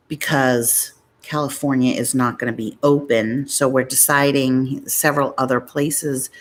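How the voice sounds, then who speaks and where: A middle-aged woman with a notably low voice hosts a casual live-stream. She rambles happily from one story to the next and stops now and then to answer viewers' comments. She sounds relaxed and talkative, like she is chatting with friends. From Massachusetts, USA. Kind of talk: casual live-stream chat while eating.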